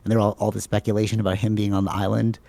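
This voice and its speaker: Gravelly low-voiced man, rambling podcast chat. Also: level tone, rapid-fire, mellow, dry recording. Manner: rambling, filler-heavy, says "like" and "bro" a lot. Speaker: podcast co-host.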